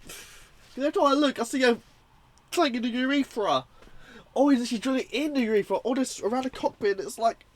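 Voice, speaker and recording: A young man reviewing a horror film in a casual, rambling, profane and excitable way. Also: very high-pitched, a little fast, pauses often.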